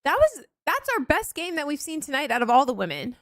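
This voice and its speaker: A woman hosting an esports watch-party stream, reacting with excitement and talking through strategy in a loose, chatty way. Her voice is somewhat high for a woman. The sound is close and dry, with no room echo. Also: fairly quick. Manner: excitable, chatty, full of "like" and "you know". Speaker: stream host.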